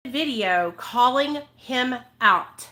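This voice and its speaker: A woman's voice: fairly high pitch, lively intonation, extremely slow, sharp tone. A woman vlogger who works as a recovery advocate, delivering an angry, profane rant straight to her viewers and hammering each point again and again. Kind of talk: heated rant to camera.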